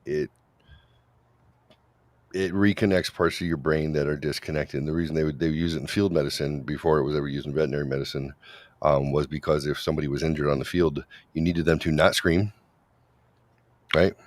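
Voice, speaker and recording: A man's voice: rumbling low, fairly even intonation, brisk, pauses often, dry recording. A man from Wyoming, a guest on a talk show, speaking bluntly and swearing freely. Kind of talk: casual chat.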